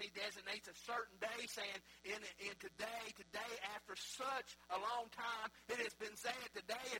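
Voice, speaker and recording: A man preaching a sermon as a pastor, swinging between loud exclaiming and quiet, hushed passages. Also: high voice, slight background noise, low-quality recording.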